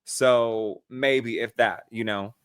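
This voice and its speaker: Man, podcast co-host, mid-pitched voice, relaxed and halting, dry studio sound. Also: clear, resonant tone, dry recording. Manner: relaxed, hesitant, filler-heavy, teasing. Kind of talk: casual chat.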